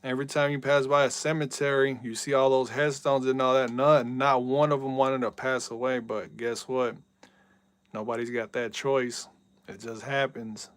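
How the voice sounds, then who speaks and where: A man live-streaming a football video game in casual chat, reading out viewer messages and yelling at big plays. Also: medium pitch, flat delivery, moderate pace, dry recording.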